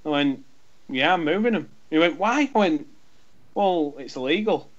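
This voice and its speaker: In a muffled recording, a man from England co-hosting a podcast rambles through an anecdote, cursing freely and voicing both parties in the exchange. He speaks at normal speed in a voice on the high side.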